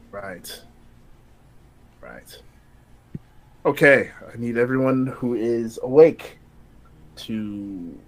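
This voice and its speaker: A man playing a tabletop game in character, speaking in a halting, stammering way. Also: fairly low pitch, rough recording. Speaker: player.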